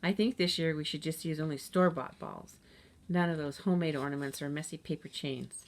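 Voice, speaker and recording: A woman's voice: low-pitched, a little fast. A woman voicing a bossy, dismissive older sister in a children's story, with a curt, scornful way of talking.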